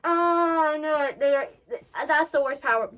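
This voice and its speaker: A woman's voice: sits high, unhurried, a bit bright. A woman giving emotional reaction commentary while watching an anime, swearing and exclaiming.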